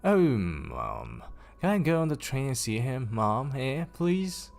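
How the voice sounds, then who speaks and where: A man's voice: medium pitch, wildly swooping pitch, slow, creaky, darkish tone, voice pushed up, exaggerated voice. A man reading aloud and voicing an eager, pleading little girl in a storybook.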